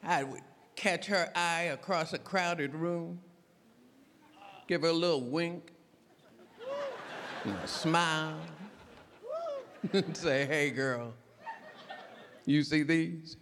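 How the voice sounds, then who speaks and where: An older woman doing a slow, dry stand-up routine. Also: fairly low pitch, sing-song, a bit bright, slight background noise. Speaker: stand-up comedian. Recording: echoey hall with audience.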